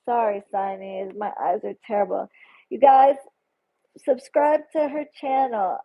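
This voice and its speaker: This tarot livestream host has a mid-range voice and a slightly slow delivery, chatting warmly and effusively as she reads viewer comments aloud. Her sound comes through thin, like a phone line.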